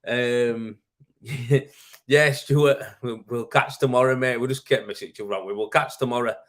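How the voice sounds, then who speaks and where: A man's voice: medium pitch, steady tone, normal speed. Male host, easygoing live-stream chatter, rambling, peppered with mate and man. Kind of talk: casual live-stream chat answering viewer comments.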